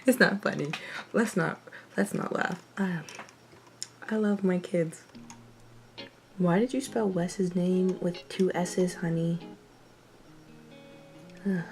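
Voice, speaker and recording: A young woman giving casual, expressive commentary on a TV episode, sighing and laughing often. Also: fairly low pitch. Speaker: TV reaction vlogger.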